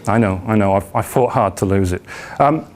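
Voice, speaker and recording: A man's voice: fairly low pitch, normal speed, darkish tone. A man with a South Welsh accent giving a self-deprecating, storytelling talk at a business networking meeting. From South Wales. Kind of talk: anecdotal presentation.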